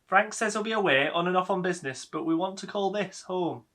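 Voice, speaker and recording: A giddy, stubborn mum in her seventies, put on by a young man in a filmed stage monologue. Her voice sits fairly high and bright, fluttering up when she insists. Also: brisk. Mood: insistent. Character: chatty 72-year-old mother, giddy and stubborn.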